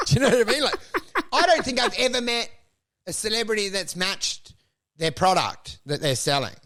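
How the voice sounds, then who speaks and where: A man's voice: high-pitched, big pitch swings, brisk, sharp tone. A young adult man, co-hosting a casual comedy podcast, riffing crudely and slipping into mocking voices. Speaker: podcast co-host.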